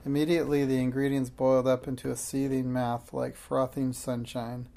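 A narrator reading a children's chapter book aloud in a gentle, even manner. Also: mid-range voice, moderate pace, gravelly. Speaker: storybook narrator.

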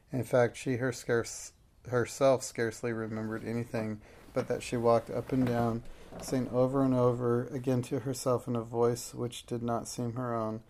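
Gravelly male audiobook narrator. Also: mid-range voice, a little mellow. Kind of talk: scripted narration.

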